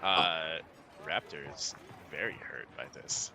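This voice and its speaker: A man's voice: very deep voice, takes it slowly, background noise. A man joking about his character in a tabletop game, playful. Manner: animated, joking. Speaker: player.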